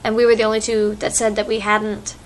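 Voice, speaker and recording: A woman's voice: mid-range voice, monotone, brisk, a little hiss or hum. A young American woman chatting casually in a vlog, rambling with lots of fillers, recorded on a phone. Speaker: vlogger. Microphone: phone microphone.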